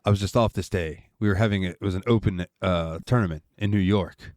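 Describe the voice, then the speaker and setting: A man voicing a washed-up grown cartoon man, telling his story in a quiet, confessional way. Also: deep voice, fairly quick, no echo, studio quality, lightly acted.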